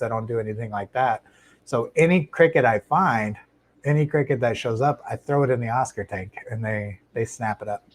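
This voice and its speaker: A man's voice: mid-range voice, rough recording. Man chatting casually on a live stream. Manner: relaxed and chatty, with frequent fillers and restarts. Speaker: host of a live stream about keeping shrimp. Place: indoor home fish room with tanks. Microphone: lapel mic. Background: faint hum of aquarium tanks.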